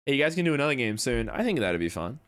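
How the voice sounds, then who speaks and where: A man's voice: medium pitch, very animated, fast talker, a bit bright, smooth. A young man chatting casually on a livestream, rambling, swearing now and then, and answering chat messages. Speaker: streamer.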